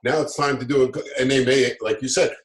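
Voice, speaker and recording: A man's voice: medium pitch, fairly even intonation, a little fast. A middle-aged man telling stories in a casual interview, upbeat and motivational, restarting his sentences often. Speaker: guest, business author. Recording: roomy echo.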